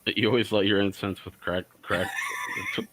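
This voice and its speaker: Deep-voiced man rambling in chat. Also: wildly swooping pitch, moderate pace, fairly bright tone, poor audio. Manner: rambling, trips over words. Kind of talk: casual group chat.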